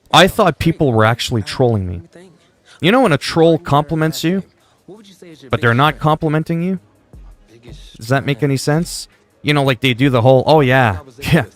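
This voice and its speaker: A man from Canada chatting casually on a livestream, with a mellow, soothing voice and a rambling, joking, foul-mouthed manner. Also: medium pitch. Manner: rambling, joking, heavy swearing.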